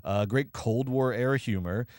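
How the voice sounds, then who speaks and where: A man co-hosting a movie podcast, riffing sarcastically and quickly through a review. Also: medium pitch, dry recording, clean studio sound. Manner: sarcastic, animated, rapid riffing. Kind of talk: casual movie review chat.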